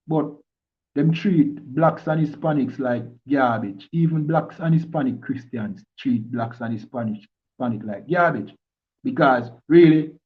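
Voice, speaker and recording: Man, Jamaican accent, preachy scripture teaching, phone-quality audio. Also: fairly high pitch. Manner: preachy, keeps asking "you understand?". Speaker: religious teacher. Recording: tinny phone-like line.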